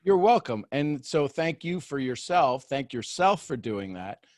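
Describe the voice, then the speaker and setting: A man's voice: mid-range voice, big pitch swings, unhurried, no echo, clean studio sound. A man hosting a coaching call, talking animatedly and acting out inner voices as he guides participants. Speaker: host and coach.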